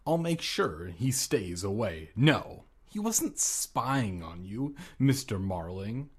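A man's voice: fairly low pitch, big pitch swings, slow, husky, heavily acted. A man reading aloud and voicing a stern, worried middle-aged aunt who speaks in curt, scolding lines.

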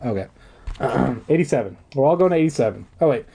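Man reading a spooky kids' book aloud, husky voice, lively up-and-down delivery, crude jokes between lines. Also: medium pitch, brisk. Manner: profane, joking, frequent throat clearing. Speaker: streamer reading a choose-your-own-adventure book. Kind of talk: casual read-aloud with crude asides.

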